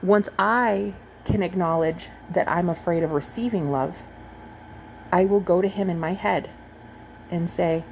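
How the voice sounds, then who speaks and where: A manifestation coach in her thirties talks earnestly and directly to viewers in a casual spiritual vlog. Her lowish voice moves at a moderate pace with a slightly mellow quality, over a rough recording with a little hiss or hum.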